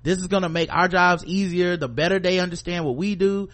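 A man with a slightly raised voice tells a rambling story in a relaxed, chatty way. He drops into quick impressions of coworkers and swears casually. The tone stays conversational and unscripted throughout. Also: sits high. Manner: loose anecdotal telling, acts out quoted voices, curses freely.

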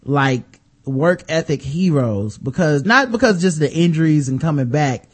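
A man's voice: fairly high pitch, expressive, unhurried, husky. A man co-hosting a casual sports podcast, cracking profane jokes and laughing as he talks. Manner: joking, laughs through his lines, profane. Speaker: podcast co-host.

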